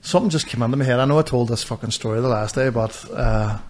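A man's voice: mid-range voice, fast talker, darkish tone. A young man, co-hosting a podcast and telling a rambling, sweary anecdote in casual chat. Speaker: podcast co-host.

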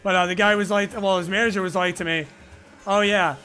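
A man with a high, bright voice chats casually while hosting a gaming stream, rambling and swearing freely. He speaks close to a boom-arm microphone at his home desk. Faint game music plays behind him. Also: steady tone, fast talker. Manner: rambling, profane, frequent "like" fillers. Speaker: live-stream gaming host.

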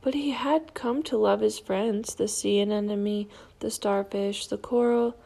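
A woman reading a children's picture book aloud in a calm, clear storytelling manner. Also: medium pitch, measured pace. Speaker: storybook reader.

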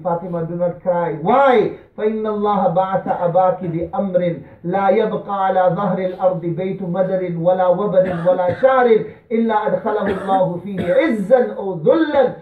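A man preaching a sermon in a mosque hall, impassioned, swinging between high cries and hushed tones. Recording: distant, tinny, echoey mosque recording.

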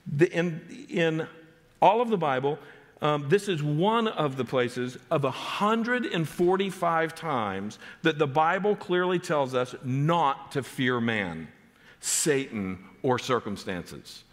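A male pastor delivers an emphatic sermon in a church sanctuary, his slightly high voice climbing on key lines and sinking low on others. A long reverb trails each phrase through the hall. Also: expressive, slow. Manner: emphatic preaching with sharp rises and drops in pitch.

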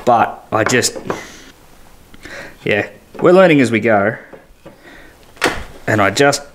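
Australian man, casual self-critical build commentary, mid pitch, echoey shed. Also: lively intonation, slow pace. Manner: thinking aloud, self-critical, easygoing. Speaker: boat builder vlogger. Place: boat shed workshop. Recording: echoey workshop, faint background noise.

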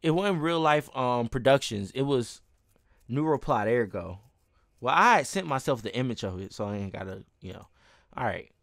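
A man's voice: medium pitch, lively intonation, moderate pace, creaky, fairly bright tone, dry recording, clean studio sound. A young man giving an angry, profane reaction rant as a commentary YouTuber, breaking into laughter between lines.

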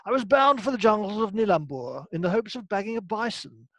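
A man's voice: sits high, a little fast, no room sound, voice pushed up. A man putting on the voice of a genteel Edwardian British army officer, reading out a plummy account. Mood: leisurely. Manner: plummy upper-class reading voice.

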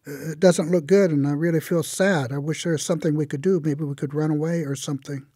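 A man's voice: fairly high pitch, fairly even intonation, brisk, warm tone, breathy edge, dry recording, clean studio sound. A man voicing a young woman, a courted princess, speaking earnestly and pleadingly in a told story.

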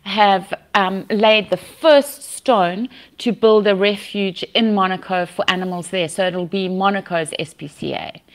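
A woman's voice: medium pitch, a little slow, hardly any pauses. Woman, South African accent, podcast host, casual chat, laughs often, restarts sentences.

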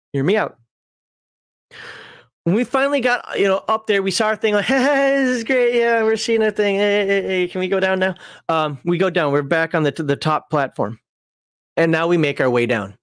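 A man's voice: a little high, no room sound, studio quality. A middle-aged man hosting, explaining game rules through a personal story, laughing at himself and restarting his sentences.

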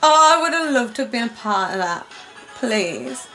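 A young woman, gushing and rambling excitedly as she reacts on camera. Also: fairly high pitch, normal speed. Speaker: reaction video host. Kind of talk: casual reaction commentary. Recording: faint music in the background. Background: music playing faintly.

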